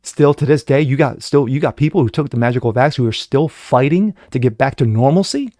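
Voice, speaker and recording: A middle-aged man hosting a political commentary show, ranting with heavy profanity, swinging from loud outbursts to low muttering and mocking the people he quotes. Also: fairly quick, no room sound, studio quality. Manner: mocking put-on voices when quoting others. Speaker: host.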